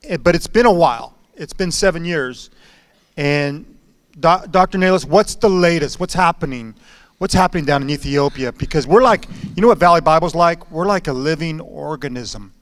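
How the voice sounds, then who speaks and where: A man's voice: on the high side, animated, normal speed, no room sound. A man hosting at church, chatting casually and restarting his words often. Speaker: pastor hosting.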